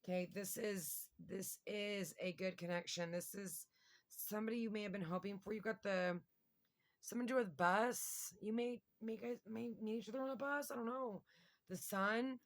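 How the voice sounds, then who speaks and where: A woman's voice: mid-range voice, steady tone, normal speed. A woman giving a casual tarot reading to her viewers, chatty and thinking aloud with lots of fillers. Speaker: tarot reader.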